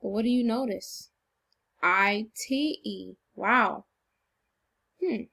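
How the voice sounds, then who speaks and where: A woman teacher giving a recorded phonics lesson to children, slow, encouraging and deliberately exaggerated. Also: mid-range voice, creaky, pushed and bright, breathy edge.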